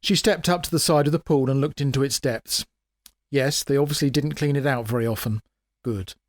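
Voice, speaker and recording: Reading a comic fantasy story he wrote, a man narrates like a dramatic audiobook, wry and expressive yet steady in tone and a little fast. The pitch is middling, and the close, dry recording has no room echo.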